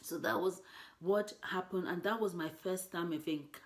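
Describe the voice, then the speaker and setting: A woman's voice: lowish voice, normal speed. A woman from Nigeria, a mother telling a personal story in an earnest, emotional way, with many "you know" asides.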